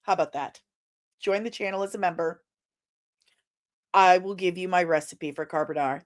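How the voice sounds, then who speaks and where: A sniffly woman with a lingering cough hosting a casual live stream. She greets viewers with loud, sing-song shouts and chats in a playful, teasing way. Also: fairly low pitch, moderate pace, long pauses. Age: adult, old enough to remember films from forty years ago. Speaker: host of a daily pop-culture live show.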